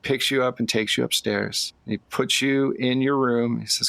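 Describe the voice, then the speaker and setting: A man narrating a tabletop role-play as game master. He talks in a relaxed, conversational way, at an ordinary middle pitch. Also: moderate pace, creaky, no echo.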